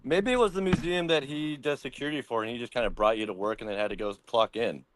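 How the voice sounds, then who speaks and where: A man's voice: mid-range voice, fast, noisy background. A man hosting a comedy roast call show, riffing with joking, crude banter. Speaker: host. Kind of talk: casual comedic roast chat.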